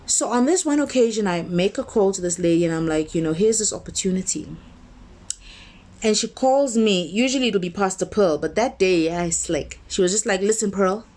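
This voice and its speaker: Delivering a sermon-like motivational talk, this woman minister sounds conversational but forceful, repeating ideas to build them and slowing down on important words. She has a fairly low pitch and a darkish tone.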